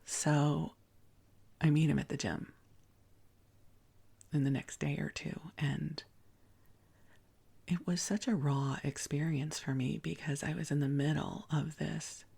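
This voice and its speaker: A woman in her sixties, a podcast host, telling a personal story in a soft, breathy near-whisper with a gentle, confiding manner. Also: low-pitched. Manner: gentle and confiding, with small restarts.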